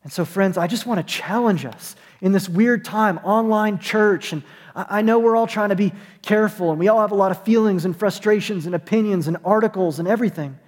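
A man with a high voice preaching, his words trailing into a long, ringing reverb. He tells a story and slips into the voices of its people, then turns it into a call to his listeners. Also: a little fast. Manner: storytelling, acts out voices in anecdotes. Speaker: pastor. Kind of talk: sermon. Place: church, online service.

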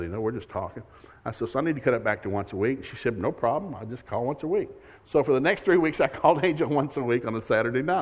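An older man, a guest preacher telling a folksy, joking story in a sermon and acting out both sides of conversations. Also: lowish voice. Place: church sanctuary. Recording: reverberant church hall.

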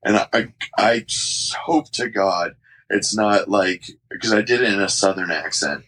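Low voice guy hosting his podcast, loose and jokey, lots of "like". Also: unhurried, a bit bright, breathy edge. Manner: loose, laughing, swearing, filler-heavy. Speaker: podcast host. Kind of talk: casual podcast chat.

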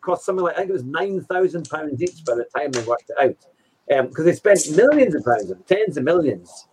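A man's voice: on the high side, animated, fairly quick, a little mellow, poor audio. A man co-hosting a casual livestream, talking in a chatty, rambling way with many restarts. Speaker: co-host. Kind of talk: casual banter on a livestream show. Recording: faint background noise.

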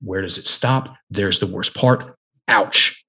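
A middle-aged man, a guest on a podcast, telling a coaching story on a headset mic, emphatic and slowing down to stress key words. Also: lowish voice, bright, forceful tone, husky. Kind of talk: conversational storytelling.

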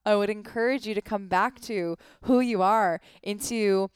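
A woman's voice: medium pitch, normal speed, smooth, no room sound. Earnest woman asking rhetorical questions. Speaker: life coach. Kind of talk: motivational monologue.

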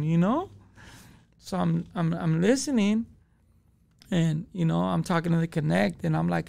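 A man's voice: fairly high pitch, unhurried, creaky, long pauses, dark tone. A man, telling a story as a podcast guest in profane street slang. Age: 20s. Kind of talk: casual storytelling.

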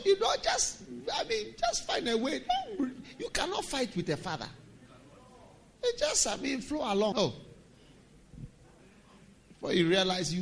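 A middle-aged man, preaching a sermon as pastor, emphatic and sometimes shouting. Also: sits high.

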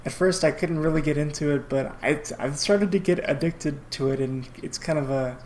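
A man co-hosting a podcast in casual chat, halting with many fillers and restarts. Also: fairly high pitch, a little mellow, a little hiss or hum. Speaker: podcast co-host.

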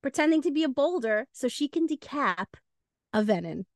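A woman's voice: high-pitched, normal speed, no room sound, clean studio sound. A woman co-hosting a book podcast in casual chat, playfully announcing awards. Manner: playful, lively, announcer-style award presenting. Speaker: podcast co-host.

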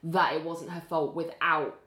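A woman, co-hosting a casual podcast, recapping a TV episode in an animated way and acting out the characters' lines. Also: low-pitched, measured pace, reverberant. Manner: animated storyteller who acts out characters' lines. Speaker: podcast co-host.

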